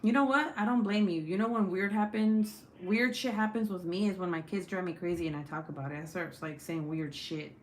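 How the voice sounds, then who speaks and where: A woman's voice: lowish voice, fairly quick, hardly any pauses. A young woman hosting a casual craft livestream, reading out comments, rambling and swearing casually between laughs. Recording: echoey room with faint hiss.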